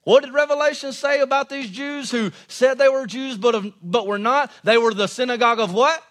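A man preaches a sermon with real animation, his voice sitting high and bright. He swings from loud, emphatic lines to hushed, intimate ones. His delivery stays expressive and conversational throughout. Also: moderate pace. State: out of breath. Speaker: pastor.

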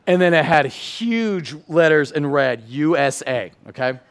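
A middle-aged man whose voice sits a little high for a man, preaching to a congregation. His delivery is animated and conversational, rising to loud bursts and falling to hushed, earnest stretches. He talks to the room informally rather than reading a script. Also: unhurried, clear, resonant tone. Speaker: pastor. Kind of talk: sermon.

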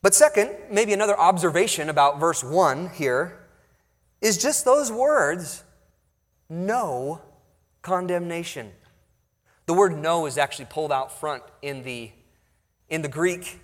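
A man preaching an expository sermon, pausing for emphasis as he reads and explains scripture. His voice sits a little high for a man, and it carries a long reverb, as if recorded in a large hall. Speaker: pastor.

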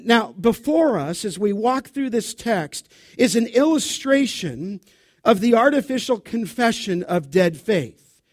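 Intense high-voiced preacher, dry sound. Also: male voice, a little mellow, no room sound. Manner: intense, emphatic, addresses the congregation directly. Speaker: pastor. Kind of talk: expository sermon. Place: church sanctuary.

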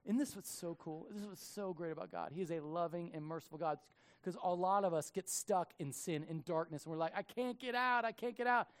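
A man preaching a sermon as a pastor, telling stories with lively acted-out quotes. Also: on the high side, brisk. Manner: animated storytelling with acted quotes.

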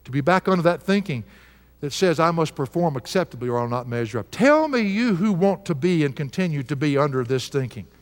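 Older man, preacher, high animated delivery, earnest sermon in a reverberant church hall. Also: fairly quick. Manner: earnest, heartfelt, rhetorical questions to the congregation.

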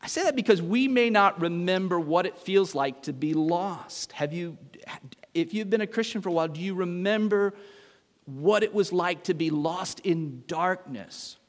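A middle-aged male pastor preaches in a lively, storytelling way, poking fun at himself and acting out the voices in his tale. His voice sits somewhat high for a man. A long reverb from a large hall trails behind his words. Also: normal speed. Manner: animated, acts out voices in his story, self-mocking humor. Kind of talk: storytelling sermon.

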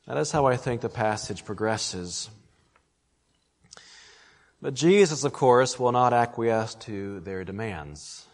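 Guy preaching a sermon, earnest and emphatic, mid-pitched voice, long echo like a big hall. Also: animated, slow pace, pauses often. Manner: earnest, emphatic, addresses listeners as friends. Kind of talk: expository sermon.

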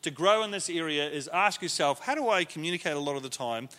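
A man's voice: on the high side, expressive, quick pace, pushed and bright, long reverb tail. A man teaching a leadership class to a group in a conversational way, often acting out the lines he quotes.

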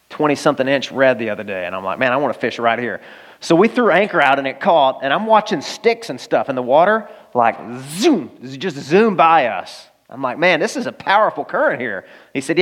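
A man from Arkansas preaching a sermon, telling a personal story in a lively, conversational way and speaking straight to his listeners. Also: medium pitch. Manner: animated storytelling, conversational, addresses listeners directly. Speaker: pastor.

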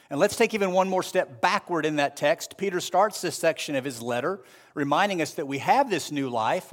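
A male pastor delivering a sermon with a slightly high, clear voice. He speaks earnestly and at a measured pace, stretching out key phrases for weight. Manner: earnest, measured preaching with slow emphatic phrases.

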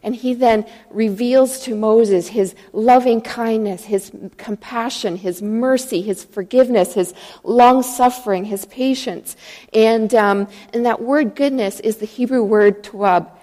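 A woman's voice: a little high, a little slow, dark tone, long reverb tail. A woman preaching a sermon in a church, earnest and storytelling, retelling scripture stories and acting out the voices in them.

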